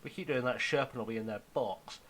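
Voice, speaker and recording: A young man giving casual, self-mocking commentary on his football management game, now and then dropping to a hushed aside. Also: medium pitch, brisk, rough recording. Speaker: gaming YouTuber.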